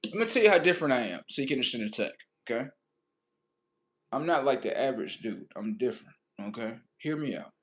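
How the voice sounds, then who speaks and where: A man hosting a livestream, telling crude, comedic stories in an animated, rambling way. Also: medium pitch, fast talker. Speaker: livestream host. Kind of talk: profane comedic storytelling.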